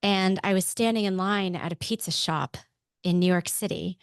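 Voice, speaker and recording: A woman's voice: medium pitch, normal speed, clean tone, dry recording, clean studio sound. Candid storytelling woman from Pennsylvania. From Pennsylvania, USA. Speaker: podcast guest. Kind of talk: casual interview storytelling.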